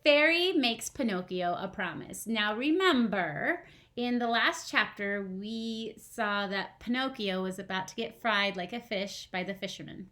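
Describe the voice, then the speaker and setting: A woman's voice: medium pitch, expressive, unhurried, sharp tone. A young woman, a first grade teacher at home, reading a storybook aloud and chatting with her class. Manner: chatty, asks the kids questions.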